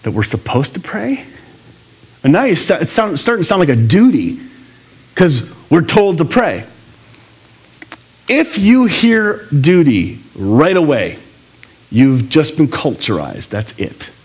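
Animated conversational male pastor preaching. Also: on the high side, unhurried, long pauses, breathy edge. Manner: animated, conversational, jokey asides. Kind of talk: sermon.

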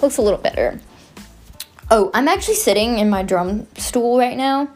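A young woman with a fairly high voice who rambles on in loose casual chat as a podcast host. She is goofy and self-mocking, and a faint bed of music sits underneath her. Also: normal speed, a little mellow.

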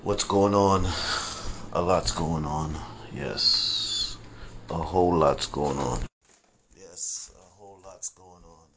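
A man's voice: low-pitched, slow pace, noisy background. A man hosting a casual solo podcast, rambling and repeating himself, slangy and conversational, chuckling at his own asides. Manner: rambling, repeats phrases, laughs at own jokes. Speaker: podcast host.

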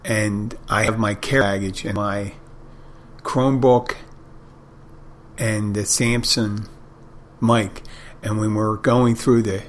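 A man's voice: on the low side, steady tone, slow pace, long pauses, a little hiss or hum. A middle-aged man hosting a podcast, telling wry, rambling anecdotes in a casual monologue. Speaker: podcast host.

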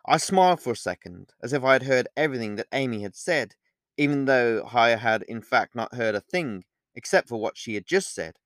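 A man's voice: mid-range voice, fairly quick, no echo, studio quality. A man narrating his own novel in the first person as an audiobook. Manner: first-person storytelling with lively inflection.

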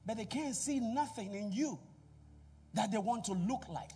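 A middle-aged man preaching a sermon in a church, calling out to the congregation and swinging between loud exhortation and quiet asides. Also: high-pitched, expressive, normal speed, breathy edge, distant mic. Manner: preaching with call-and-response to the congregation. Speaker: pastor.

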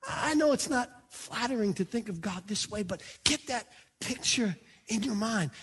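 A man's voice: high-pitched, expressive, normal speed, fairly bright tone, husky. A man pastor preaching a sermon in an emphatic, pleading way, stressing the words of scripture.

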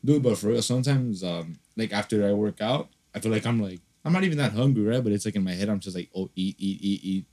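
A man's voice: lowish voice, expressive, fast talker, hardly any pauses, mellow. A man telling rambling stories in casual podcast chat, full of fillers and swearing. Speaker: podcast co-host.

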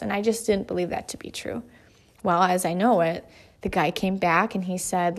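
A woman's voice: mid-range voice, steady tone, moderate pace. A woman in her thirties, an author, speaking earnestly in a motivational monologue, stressing points by repeating phrases in lists.

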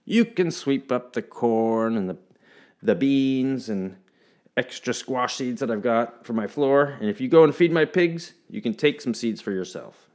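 A man's voice: medium pitch, animated, unhurried, darkish tone, close to an everyday voice. A man voicing a businesslike village shopkeeper striking a bargain.

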